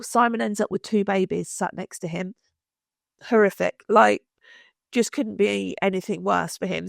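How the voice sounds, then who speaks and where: A woman co-hosting a podcast, telling a story in animated casual chat, swearing freely and acting out the people she quotes. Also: medium pitch, gravelly, dry recording, clean studio sound. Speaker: podcast co-host.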